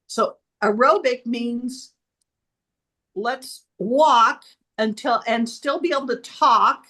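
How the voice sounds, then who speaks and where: A woman at a club meeting giving an unhurried impromptu talk, explaining things simply. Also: fairly high pitch, a bit bright. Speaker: meeting participant. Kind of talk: impromptu speech.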